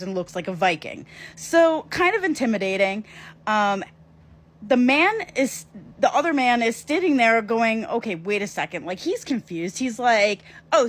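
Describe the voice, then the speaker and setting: A woman whose voice runs on the high side narrates an episode from her own life in a casual vlog, talking to camera with lively emphasis and short asides to the audience.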